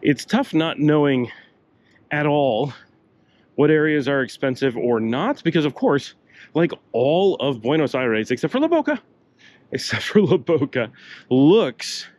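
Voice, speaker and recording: Out on city streets, an older male travel vlogger chats and wanders off topic as he leads a walking tour, slightly winded and now and then coughing. He has a mid-range, darkish voice.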